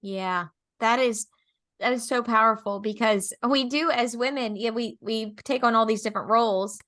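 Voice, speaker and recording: A woman hosting a podcast in casual chat, talking fast and loose with lots of fillers and acted-out quotes. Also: a little high, fairly bright tone. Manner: chatty, lots of fillers, acts out quoted people. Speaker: podcast host.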